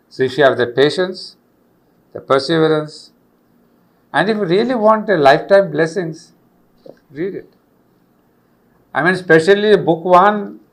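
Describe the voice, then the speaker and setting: An older man gives a reflective spiritual lecture. He speaks earnestly, coming back to key phrases for emphasis. His voice sits slightly high and has a gravelly edge. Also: a bit bright. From India. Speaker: lecturer on yoga philosophy.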